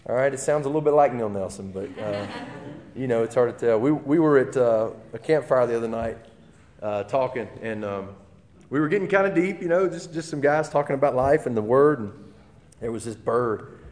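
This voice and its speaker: A man preaching a sermon in a relaxed, conversational way, with fillers and restarts. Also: mid-range voice, normal speed. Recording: long hall reverb.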